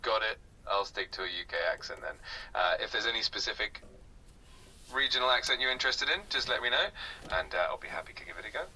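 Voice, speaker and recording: A male AI tutor with a very bright, slightly husky voice gives upbeat, smooth explanations in friendly casual chat. His replies come from a device speaker, picked up from some distance away. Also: lowish voice, expressive, fast talker. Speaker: AI conversation partner.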